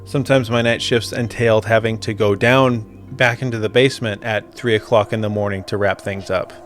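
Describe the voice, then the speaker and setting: A man's voice: lowish voice, fairly even intonation, a little fast, soft background music. A young adult man in casual chat, telling a ghost story with swearing and laughter.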